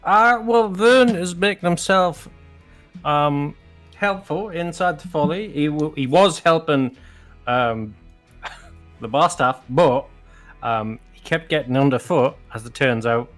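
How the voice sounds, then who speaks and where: A man's voice: on the high side, slow pace, fairly bright tone, faint music behind. A man playing a tabletop game who describes his character casually, laughing often and swearing freely. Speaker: player.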